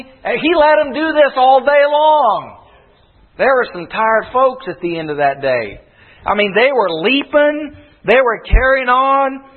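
A man preaching a sermon, telling a story that climbs loud and then sinks to a hush. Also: extremely high pitch. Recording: tinny phone-like recording.

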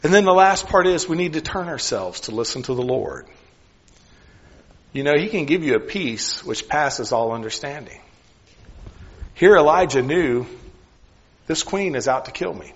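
A man preaching a sermon in an earnest, questioning way, often dropping his voice softly on key lines. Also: fairly high pitch, lively intonation, normal speed, long pauses, husky, long reverb tail, highs cut off.

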